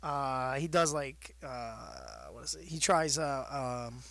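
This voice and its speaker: Bright, jokey New host. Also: male voice, a little high, big pitch swings, slow, vocal fry, few pauses, dry recording. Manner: rambling, jokey, laughs a lot. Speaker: radio show host. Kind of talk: casual chat.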